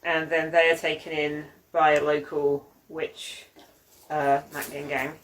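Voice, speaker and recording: A woman's voice: low voice, flat delivery, a little slow, a little hiss or hum, poor audio. A woman co-hosting a casual hobby chat, talking at length about a book with many fillers and restarts. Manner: rambling, lots of fillers and restarts. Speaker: podcast co-host.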